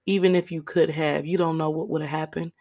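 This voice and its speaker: Hoarse woman podcaster, gravelly and flat. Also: deep voice, fairly quick. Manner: earnest, direct encouragement to listeners as "y'all". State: raspy, hoarse voice. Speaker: podcast host. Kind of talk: solo podcast monologue.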